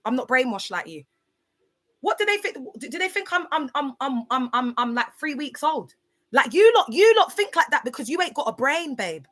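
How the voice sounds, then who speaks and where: Woman, thirties, casual livestream, blunt, fairly high voice, bright and forceful tone. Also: fairly quick. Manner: blunt, animated, repeats herself and addresses viewers by name.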